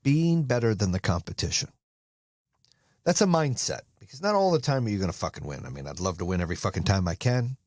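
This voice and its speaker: A man's voice: fairly low pitch, big pitch swings, fast talker, a little mellow, no echo, studio quality. An American man hosting a podcast, delivering an intense, profane motivational monologue. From United States. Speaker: podcast host.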